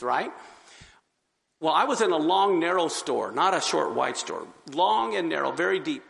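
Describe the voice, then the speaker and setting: A high-pitched man with a gravelly edge tells his testimony in a sermon style. He is an animated storyteller who acts out each scene, and his voice carries a long hall reverb. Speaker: speaker giving his testimony.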